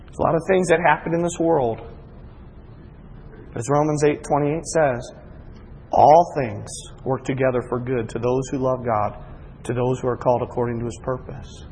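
A man preaching a sermon as a pastor, his voice rising to emphatic peaks and dropping to hushed, intimate asides. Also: mid-range voice, fairly even intonation, moderate pace, slight background noise. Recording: husky voice with long reverb of a large hall.

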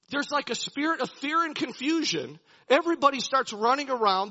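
A man's voice: extremely high pitch, very animated, moderate pace, bright, forceful tone. A man preaching a sermon, animatedly retelling a Bible story and chuckling as he goes. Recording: dull lo-fi recording.

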